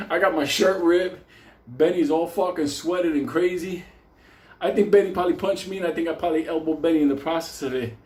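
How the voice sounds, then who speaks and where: A man telling a wild story in a loud, profane, laughing way, acting out the people he quotes. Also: high-pitched, reverberant.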